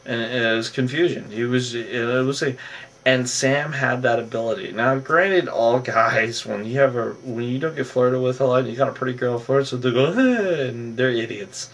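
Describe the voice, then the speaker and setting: A man casually recapping a reality TV episode, rambling and animated, acting out what the cast said. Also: medium pitch, normal speed, recorded from a distance. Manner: rambling, animated, acts out cast members' lines.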